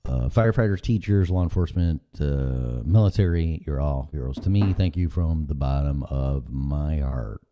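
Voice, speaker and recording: A man's voice: rumbling low, moderate pace, few pauses, lo-fi sound. A middle-aged man hosting a casual live-stream show, rambling and sarcastic with frequent swearing. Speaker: podcast host.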